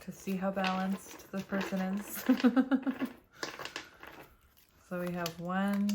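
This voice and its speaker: A woman's voice: mid-range voice, slow, long pauses, noisy background. A woman reading tarot cards to her viewers in a casual, chatty way, often laughing as she reads the card messages aloud. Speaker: tarot reader.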